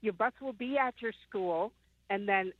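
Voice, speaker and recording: A woman's voice: mid-range voice, moderate pace, no room sound. A woman in her fifties, calling in, telling her story in a rambling way full of ums. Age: 50s. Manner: rambling retelling with many ums. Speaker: caller. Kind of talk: phone-in call. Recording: tinny phone line.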